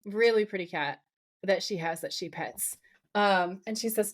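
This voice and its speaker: A woman's voice: mid-range voice, measured pace. A woman co-hosting a podcast, playfully recapping a TV episode and acting out quoted lines. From raised partly in America. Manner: animated, playful, retells scenes with quoted lines. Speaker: podcast co-host. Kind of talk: casual episode recap chat.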